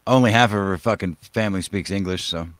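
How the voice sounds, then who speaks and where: Man, low, podcast co-host, rambling and profane, laughs a lot, dry close mic. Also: fast talker, no room sound. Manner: rambling, crude, laughs often. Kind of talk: casual profane chat.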